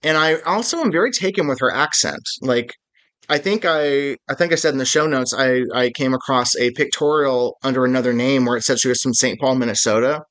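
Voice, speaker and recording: A man's voice: mid-range voice, brisk, fairly bright tone. A man co-hosting a podcast about films, chatting casually and with enthusiasm, often restarting his sentences. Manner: enthusiastic, rambling, many self-restarts. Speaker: podcast co-host. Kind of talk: casual film-discussion chat.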